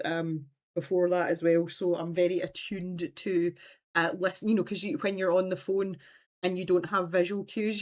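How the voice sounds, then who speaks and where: A Scottish woman in her thirties, hosting a livestream in animated, chatty conversation and laughing often. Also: lowish voice. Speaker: livestream host. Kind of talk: casual chat.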